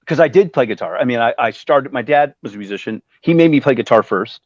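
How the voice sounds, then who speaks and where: A man in his fifties telling stories casually as a musician guest, animated and acting out the voices of other people he quotes. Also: mid-range voice, fast, no room sound. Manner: animated, acts out quoted voices, swears freely. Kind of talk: casual storytelling. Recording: dull dry lo-fi sound.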